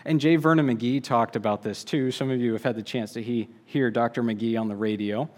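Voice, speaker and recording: A man preaching a sermon in an earnest, measured way, slowing down to stress key phrases. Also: medium pitch, fairly even intonation, darkish tone.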